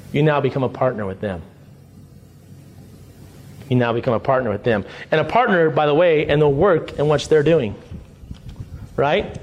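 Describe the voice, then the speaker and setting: A man with a fairly high voice delivers a sermon as pastor. His preaching is conversational rather than formal. He keeps checking in with the congregation through quick "right?" and "okay?" asides.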